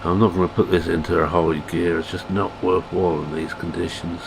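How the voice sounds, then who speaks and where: A Scottish man with a deep, rough-edged voice talks his way through a farming game. He chats casually and jokes about his own laziness. Loud vehicle and engine sounds from the game run behind him. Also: level tone, a little fast, background noise. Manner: chatty, self-deprecating, thinking aloud. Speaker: gaming channel host. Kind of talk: casual gameplay commentary.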